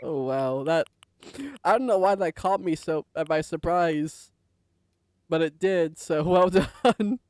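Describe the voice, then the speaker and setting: Giggly, rambling streamer, unhurried delivery, middle-range voice, casual live-stream chat. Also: medium pitch, a little mellow. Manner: rambling, talks to self and chat, prone to giggling fits. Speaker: game streamer.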